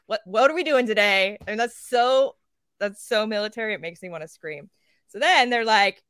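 A woman co-hosting a casual podcast. She rants in a lively way, swears freely and acts out quoted characters. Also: medium pitch, moderate pace, clean tone, no echo, studio quality. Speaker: podcast co-host.

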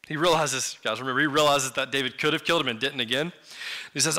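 A man's voice: fairly high pitch, quick pace, pushed and bright. A man preaching a sermon in a conversational way, turning to the listeners with casual asides.

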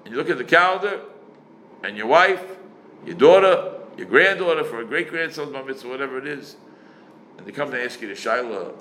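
Older male rabbi, lively pitch, leaps high for emphasis; faint noise behind. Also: a little fast, echoey room, low-quality recording. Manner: animated, emphatic, swings his voice up sharply for stress; sprinkles Yiddish and Hebrew words. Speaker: rabbi answering questions. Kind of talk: question-and-answer talk on Jewish law.

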